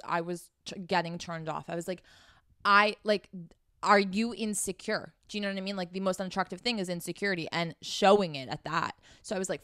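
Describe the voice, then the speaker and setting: Young woman, dating coach, casual vlog, blunt and swearing, smooth clear voice, dry close sound. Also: medium pitch, fairly bright tone, dry recording. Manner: blunt and profane, chatty.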